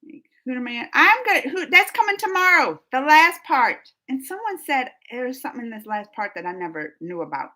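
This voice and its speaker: Reading her live stream chat aloud, the Southern-accented reaction host from New Orleans talks in a high, sing-song voice that is pushed and bright. She goes fairly quick with hardly any pauses, keeping it casual, laughing a lot and leaving sentences unfinished.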